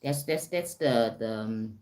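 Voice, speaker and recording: Very low-voiced South African woman. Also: lively intonation, unhurried, warm tone. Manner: repeats "right?" and "okay?" often, greets viewers. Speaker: life coach. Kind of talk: live-stream talk.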